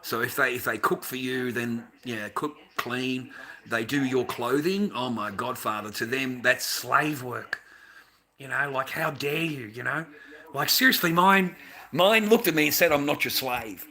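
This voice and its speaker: Australian dad, fired-up ranting vlogger, sharp bright tone, swears a lot. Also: male voice, medium pitch, a little slow. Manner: heated, swearing, rants, calls the listener "mate". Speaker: vlogger, father. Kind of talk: ranting monologue to camera.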